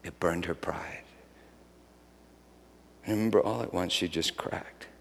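A middle-aged man preaching a sermon, moving between loud shouted lines and quiet whispers. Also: sits low, measured pace, vocal fry, a little hiss or hum. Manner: dramatic swings from shouting to hushed whispers. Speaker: pastor. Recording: long hall reverb.

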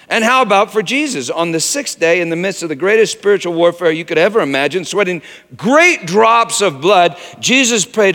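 A male pastor preaches in a high, lively voice that swings between loud questions and hushed low passages. He tells stories conversationally, tossing in asides and questions to the congregation. The sound carries the long reverb of a large sanctuary. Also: normal speed. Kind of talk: sermon. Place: church sanctuary.

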